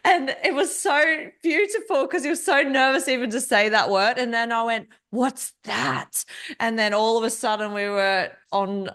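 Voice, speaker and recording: A woman co-hosting an interview, chatting in an enthusiastic, rambling way with quick restarts. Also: on the high side, fairly bright tone. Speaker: podcast co-host. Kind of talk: casual chat.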